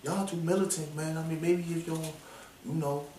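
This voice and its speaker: A man mimicking a soft, hesitant young rapper. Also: on the high side, steady tone, normal speed, echoey room, recorded from a distance, voice pushed up, lightly acted, rough recording. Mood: mocking. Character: soft-spoken young male rapper urging calm.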